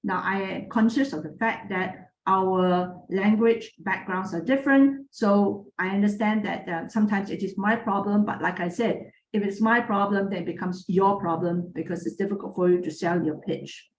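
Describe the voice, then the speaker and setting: A woman judging a moot court, giving frank but encouraging feedback to students in a clear, projecting voice, with many fillers and restarts. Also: mid-range voice, fairly even intonation, moderate pace, few pauses, roomy sound, slight background noise, rough recording.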